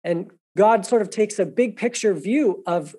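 A man's voice: high-pitched, measured pace, dark tone, slightly rough. A man leading a conversational Bible study lesson, thinking aloud and explaining points patiently. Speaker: Bible teacher.

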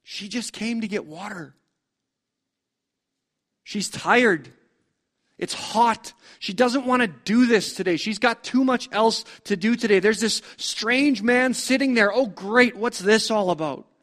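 High-voiced preacher asking rhetorical questions. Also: male voice, slow pace, a bit bright. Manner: conversational, full of rhetorical questions. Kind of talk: storytelling sermon.

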